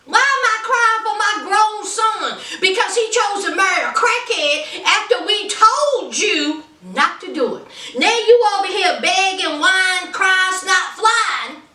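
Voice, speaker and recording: A woman's voice: extremely high pitch, animated, a little slow, hardly any pauses, sharp tone, full character voice. A woman voicing a fed-up, middle-aged mother who scolds her grown son in an exasperated way. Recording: roomy, from a distance.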